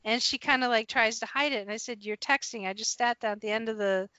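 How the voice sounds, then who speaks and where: Brief: higher-voiced woman, guest storyteller, animated and laughing, dull dry recording. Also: fast talker, clean tone, no echo. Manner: animated, laughs through her story, acts out dialogue. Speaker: guest recalling past work as a retail manager. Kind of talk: casual storytelling on a podcast.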